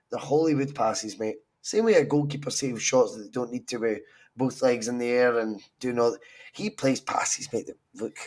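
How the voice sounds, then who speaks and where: A young Scottish man hosts a football podcast through a cold, his voice sitting at an ordinary middle pitch. He talks in lively, sweary banter with plenty of swings and asides. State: has a cold. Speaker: podcast host. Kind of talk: casual football chat.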